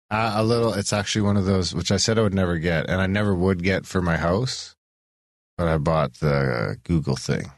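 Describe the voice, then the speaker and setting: A man's voice: sits low, moderate pace, dry recording, clean studio sound. A man hosting a podcast in casual chat, rambling and swearing freely. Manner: rambling, swears often, restarts a lot. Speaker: podcast host.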